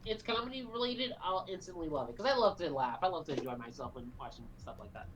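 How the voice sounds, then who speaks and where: A man's voice: fairly high pitch, lively intonation, quick pace, fairly bright tone, muffled recording. A man talking as a guest on a podcast, hesitant and full of fillers and restarts in casual chat.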